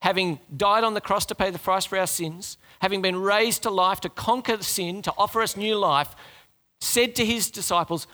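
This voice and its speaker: A man's voice: high-pitched, normal speed, bright, forceful tone. A man preaching a sermon to his congregation in a conversational way, asking them questions and talking to them directly.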